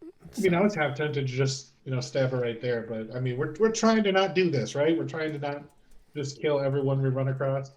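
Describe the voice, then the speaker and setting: Male player, mid pitch, earnest, keeps protesting with laughs. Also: lively intonation, a little fast, a little mellow. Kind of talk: casual tabletop banter.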